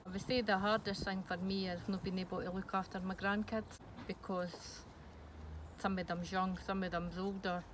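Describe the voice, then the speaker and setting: In a candid interview with hiss in the background, a middle-aged Scottish woman talks frankly though hesitantly, with plenty of ums and restarts. Her voice is medium-pitched, her delivery flat, her speed normal.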